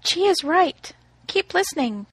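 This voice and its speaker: A woman's voice: very high voice, very animated, a little slow, no echo. Emphatic woman podcaster, lots of ups and downs, dry sound. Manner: emphatic, teasing. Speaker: podcast co-host. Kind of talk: casual chat.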